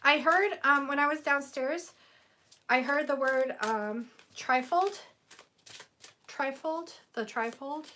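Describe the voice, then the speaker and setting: A woman's voice: high-pitched, takes it slowly, sharp tone, a little hiss or hum. A woman doing a casual tarot-reading livestream from home, chatty and giggly, talking to her viewers in front of a camera on a tripod. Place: room at home.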